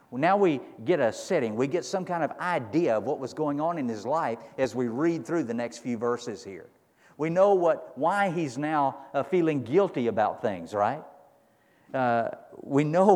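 Man preaching with a long hall echo. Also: medium pitch. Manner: storytelling, builds to loud climaxes. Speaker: pastor. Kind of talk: sermon.

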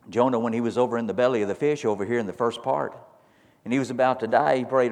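A man's voice: medium pitch, steady tone, quick pace. A man preaching a sermon as pastor to his congregation, firing repeated rhetorical questions that build to emphatic peaks. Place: church sanctuary. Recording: long reverb of a large hall.

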